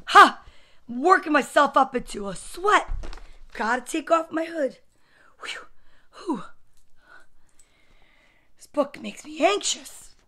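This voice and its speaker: High-voiced woman reading kids a story. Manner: expressive, playful, talks to kids. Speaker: story time reader. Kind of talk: reading a children's book aloud with asides.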